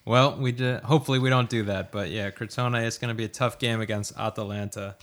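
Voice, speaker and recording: A man co-hosting a casual sports podcast in an easygoing way, pausing often on "uh". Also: lowish voice, steady tone, a bit bright. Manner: easygoing, hesitant with many "uh"s. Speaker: podcast co-host.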